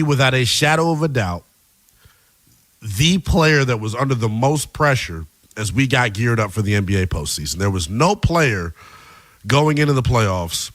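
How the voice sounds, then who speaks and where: Male sports talk host, casual energetic delivery, dry close mic. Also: medium pitch, no room sound. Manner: loose, energetic, conversational with fillers. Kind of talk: late-night sports talk radio.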